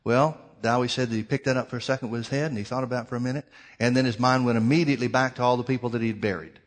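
A man of ordinary pitch preaching a storytelling sermon. He tells it dramatically, rising to loud cries and then dropping to a hushed, quiet delivery. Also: steady tone, rapid-fire.

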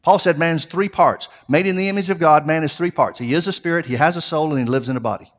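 A man preaches an earnest sermon in a slightly high voice. He restarts his phrases often and builds emphasis as he goes. His delivery is that of a pastor addressing his congregation. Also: fast. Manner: repeats himself, restarts phrases.

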